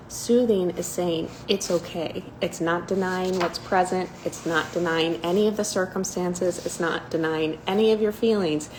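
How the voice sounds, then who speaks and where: A woman giving a casual self-help talk, candid and profane, with playful asides and soft, soothing self-talk. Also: lowish voice, noisy background.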